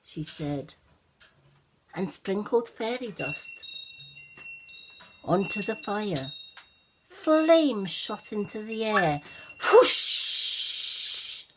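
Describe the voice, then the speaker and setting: An older woman reading a children's story aloud with an expressive, animated manner. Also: mid-range voice, slow, long pauses, a little hiss or hum, poor audio.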